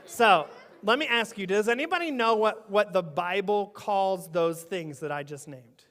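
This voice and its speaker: A man's voice: high voice, lively intonation, takes it slowly, fairly bright tone, some chatter behind. A man leading a playful children's sermon in church, teasing and quizzing the kids. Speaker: children's pastor. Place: church sanctuary. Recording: echoey church sanctuary.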